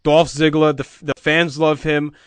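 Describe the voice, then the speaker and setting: A man playing a deadpan, know-it-all sports pundit who keeps repeating the same opinion. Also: on the high side, moderate pace, clear, resonant tone, no echo, natural voice. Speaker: podcast co-host in comedy bit. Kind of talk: comedic sports-talk parody.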